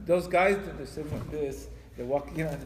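A man giving a spiritual lecture to an audience. He talks in an animated way, stumbles through restarts and acts out quoted voices. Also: fairly high pitch, moderate pace. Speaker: religious teacher. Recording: echoey hall with long reverb.

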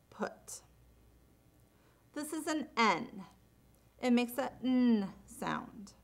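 A woman gives a phonics lesson at a very unhurried pace. She enunciates every letter sound and example word clearly, her pitch rising and falling in a lively way. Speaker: teacher. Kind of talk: slow, deliberate phonics instruction.

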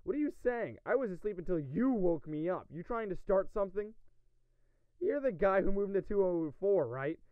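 A man's voice: high-pitched, very animated, moderate pace, smooth, no room sound, narrow, tinny audio, pitched above the performer's own voice. A man voicing an irritated adult woman neighbor who has been woken in the middle of the night, in a horror game playthrough. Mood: annoyed. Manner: irritated, confrontational.

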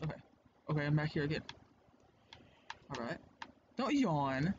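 Pausing often at a measured pace, a man with a fairly high, sing-song voice comments casually on a game during an at-home let's play and swears freely. The indoor recording comes through a dull lo-fi mic with clear noise.

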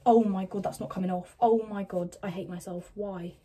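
A woman's voice: mid-range voice, steady tone, normal speed, mellow, breathy edge. A woman chatting casually to camera as a vlogger, rambling to herself while getting ready at home. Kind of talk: casual vlog chat. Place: at home, indoors.

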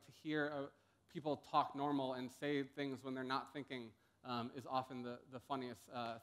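A young man speaks from a conference stage in a relaxed, halting way. He fills his pauses with ums and uhs and restarts his sentences as he goes. His voice sits at an ordinary middle pitch. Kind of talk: conference talk.

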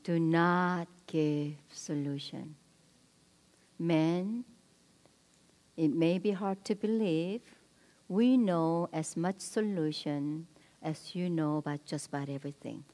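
A woman leading a marriage seminar at a church, speaking directly and prompting the audience with quick cues. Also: lowish voice, mellow. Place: church hall. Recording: long hall reverb.

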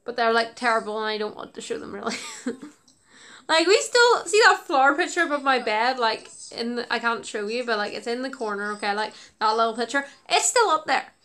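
A woman's voice: on the high side, animated, fairly quick, bright, forceful tone. A woman YouTuber chatting casually about her old videos, rambling with lots of "like" and giggles. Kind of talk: casual reaction commentary.

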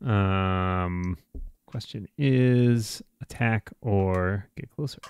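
A man's voice: on the low side, very slow, a little mellow, smooth, no echo. A man playing a tabletop game, chuckling as he counts out his character's moves aloud. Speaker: player.

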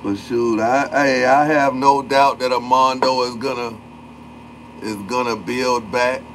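A man's voice: medium pitch, fairly even intonation, measured pace, slight background noise. A man hosting a livestream in casual chat, talking in loose slang and calling out viewers by name. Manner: loose slangy talk, greets and calls out chatters by name. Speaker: livestream host.

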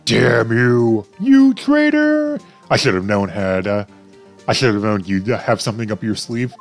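A man's voice: lowish voice, steady tone, a little fast, faint music behind, lightly acted. A man voicing an earnest young male defense attorney in a game playthrough, exclaiming and flustered. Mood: indignant. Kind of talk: let's play voice acting.

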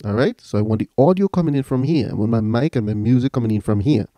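A man's voice: medium pitch, fast, warm tone, no echo. A man casually walking viewers through a tech setup step by step, often checking in with "all right". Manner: chatty, keeps saying "all right". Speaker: tech reviewer. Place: home music setup.

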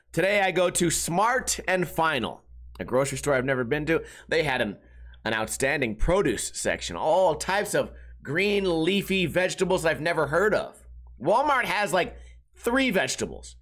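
Hosting a solo podcast, a man with a high, fairly bright, very animated voice rambles through everyday stories at normal speed. He swears a lot and acts out the people he quotes in this casual monologue.

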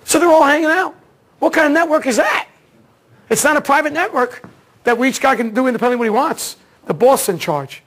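A man teaching an automotive diagnostics seminar, telling a case story in a casual, excitable way and acting out the dialogue. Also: extremely high pitch, brisk. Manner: casual slangy talk, repeats words. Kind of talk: seminar lecture.

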